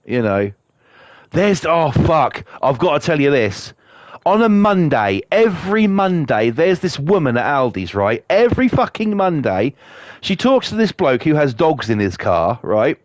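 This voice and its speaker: A man's voice: fairly high pitch, very animated, unhurried, no room sound, clean studio sound. A man with a Norfolk accent, chatting casually and swearing freely as he streams a game and tells rambling stories. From Norfolk, England. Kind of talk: casual chat while playing.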